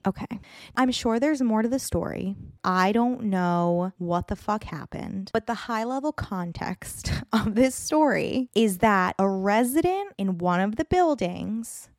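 A woman's voice: medium pitch, animated, measured pace, darkish tone, no room sound, studio quality. A young adult woman hosting a solo podcast episode, ranting bluntly and swearing often. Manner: blunt, profane, exasperated ranting. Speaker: podcast host.

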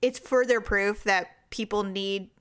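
A woman chatting casually as a podcast co-host, animated, acting out what people said. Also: mid-range voice, a little slow, clear, resonant tone. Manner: animated storytelling, acts out quotes. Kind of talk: casual chat.

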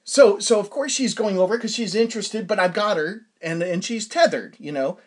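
A man's voice: high-pitched, normal speed. A man hosting a podcast, telling a story in a casual chatty way, laughing often and stumbling over fillers and restarts. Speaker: podcast host.

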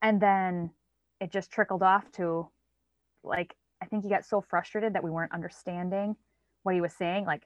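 A woman's voice: on the low side, steady tone, normal speed, no echo. A woman in her thirties talking about her child in casual conversation, often acting out quoted lines with a raised voice. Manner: chatty, acts out quoted lines in a lifted voice. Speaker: parent guest. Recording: dry, slightly dull sound.

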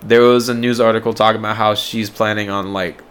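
Bright-voiced young man, rambling podcast co-host. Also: lowish voice, little pitch movement, a little fast, clear, resonant tone. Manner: swearing, rambling with many "like"s. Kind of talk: casual chat.

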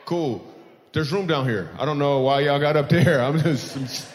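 A man's voice: a little high, normal speed, noisy background. A male stand-up comedian doing teasing crowd work on stage, laughing often at his own jokes. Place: live comedy venue. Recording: long hall reverb.

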